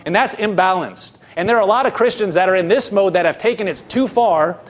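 Middle-aged male pastor with a high voice, earnest and conversational, full of rhetorical questions. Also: a little fast, slight background noise. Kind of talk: conversational sermon.

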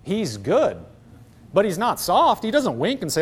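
A man's voice: high voice, wildly swooping pitch, fairly quick, husky. A man preaching a sermon as pastor, emphatic, throwing rhetorical questions at the congregation.

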